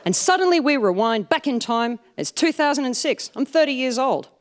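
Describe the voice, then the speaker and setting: A woman in her forties tells comic stories to a live audience. Her delivery is dry and self-mocking, and she lands her punchlines deadpan. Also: sits high, moderate pace. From Australia. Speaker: stand-up comedian.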